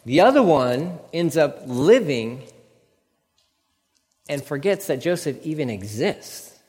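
A man preaching a sermon in an animated way, acting out the biblical figures with quick quips. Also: a little high. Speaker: pastor. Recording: long hall reverb.

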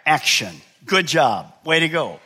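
Animated, bright-voiced male preacher. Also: unhurried, breathy edge. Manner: swings from quiet, low asides to loud, high-pitched preaching; asks the congregation questions and answers them himself. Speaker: pastor. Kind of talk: sermon.

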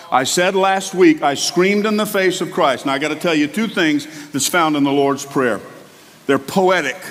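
Impassioned preacher man in a big hall. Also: a little high. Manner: impassioned, swings from quiet to loud. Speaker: pastor. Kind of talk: sermon.

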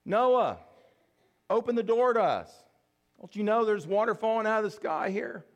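A man's voice: high voice, very animated, very fast, voice pushed up. A man voicing desperate bridesmaids pounding on a barred door and begging to be let in. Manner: loud, desperate pleading.

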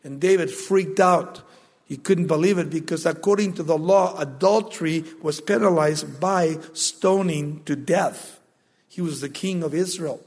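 A man's voice: fairly high pitch, measured pace, darkish tone, breathy edge, in a large hall. A man preaching a sermon, retelling a story dramatically and emphatically.

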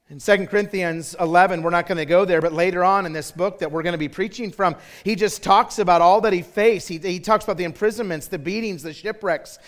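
A male pastor preaching a sermon, telling a personal story in an animated way and often repeating words as he restarts. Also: high-pitched.

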